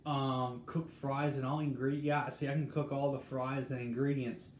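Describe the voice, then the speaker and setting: A man in casual talk, reading a recipe aloud and musing in a halting way as he thinks out loud. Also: mid-range voice, flat delivery. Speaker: host. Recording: echoey room with faint background noise.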